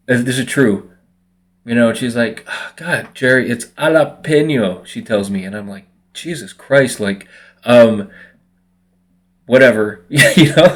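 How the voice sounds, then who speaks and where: A man from Washington State, talking casually to the camera in a rambling monologue full of fillers, sometimes mimicking other people's voices. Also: on the low side. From Washington State, United States. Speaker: vlogger.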